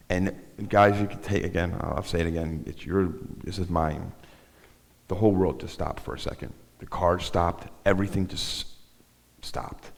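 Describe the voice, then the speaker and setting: A middle-aged man with a very low, deep voice tells his own story from the front of a synagogue sanctuary. He talks in a rambling, halting way, restarting his sentences. His words ring out with a long reverb through the large hall. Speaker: guest speaker. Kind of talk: personal testimony talk.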